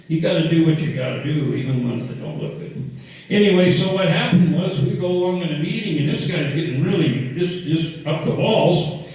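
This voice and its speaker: An older man with a rural Alaskan accent tells a long story in a rambling, folksy monologue full of fillers and restarts. His voice sits a little high but sounds dark and mellow. The recording is muffled and very echoey. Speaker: former borough assemblyman.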